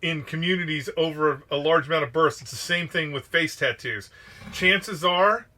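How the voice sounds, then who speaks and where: An opinionated man argues his point emphatically on a casual podcast. His voice is very bright and sharp, and pitched a little high. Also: moderate pace. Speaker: podcast co-host.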